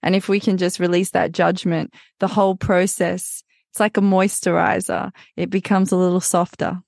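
A woman's voice: lowish voice, flat delivery, normal speed, creaky, a little mellow, no echo, clean studio sound. A woman guest on a podcast, speaking reflectively and telling her story in a casual conversational way. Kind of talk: casual interview chat.

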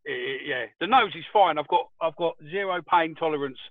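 Give me a high-pitched, foul-mouthed man over a thin, phone-like line, spinning chatty anecdotes. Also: fairly quick, no room sound. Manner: swears freely, animated anecdotes. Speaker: podcast co-host. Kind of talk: casual chat.

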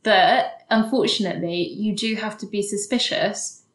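Woman, casual storytelling vlog, candid and animated, roomy echo, mid pitch. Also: moderate pace. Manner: candid, animated, swears and acts out quotes. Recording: echoey room.

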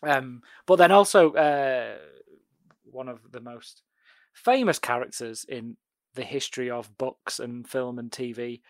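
Animated man chatting films. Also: medium pitch, a little slow, dry recording. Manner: animated, laughing, trailing restarts. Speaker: podcast co-host. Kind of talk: casual film chat.

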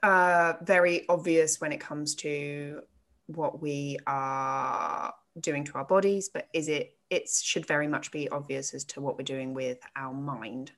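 A chatty woman co-hosting a casual talk show, her voice sitting a little low. She teaches yoga and swears freely in a joking way, laughing often. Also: fairly even intonation, measured pace, a bit bright. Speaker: podcast co-host, yoga teacher. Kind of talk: casual chat.

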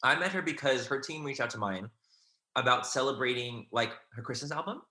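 A young man as an interview guest, chatting casually and gushing in animated asides. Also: medium pitch, brisk.

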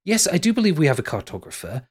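A fussy, fawning male concierge, put on by a man running a tabletop game. His voice sits higher than plain talk and he keeps repeating words in a prim, polite way. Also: huge pitch swings, fast, darkish tone, slightly rough, exaggerated voice.

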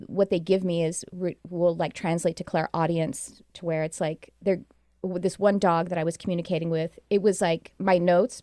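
A woman's voice: lowish voice, mellow, no room sound, clean studio sound. A woman guest in a casual interview, telling rambling, earnest stories about her work. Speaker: guest, animal communicator.

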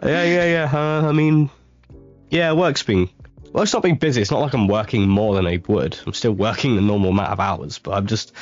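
A man's voice: on the low side, brisk, dull audio, soft background music. A young man co-hosting a casual chat podcast, telling rambling stories and laughing often. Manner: laid-back, laughs often, rambling storytelling. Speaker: podcast co-host.

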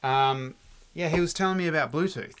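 A man hosting a podcast, telling relaxed anecdotes in a casual way. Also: fairly high pitch, fairly quick, slight background noise. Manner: relaxed anecdotal storyteller, laughs easily. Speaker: podcast host. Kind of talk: casual storytelling.

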